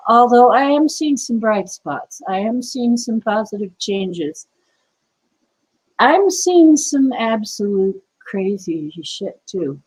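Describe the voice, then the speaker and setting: The recording is rough, and her voice runs a little high. This US livestream host chats loosely, wandering between topics and answering comments from viewers with hushed, conspiratorial side remarks.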